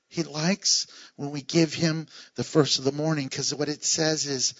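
A man's voice: on the high side, moderate pace, few pauses, a bit bright, highs cut off. A man preaching a sermon as pastor, playful, with joking asides and chuckles.

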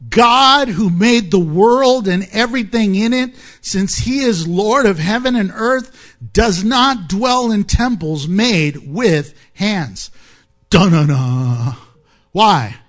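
A man preaching a sermon, animated and joking, often laughing at his own asides. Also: sits high, slow pace. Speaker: pastor.

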